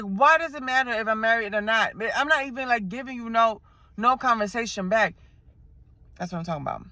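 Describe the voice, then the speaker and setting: A bright, crisp voice belongs to a woman in her twenties with a New York accent. She tells stories from the seat of her car in casual, slangy talk and slips into the voices of the people she quotes. The sound is close and dry, with no room echo. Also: mid-range voice. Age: 20s. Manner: animated, slangy, acts out quotes. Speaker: vlogger. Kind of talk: casual storytelling chat. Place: inside a car.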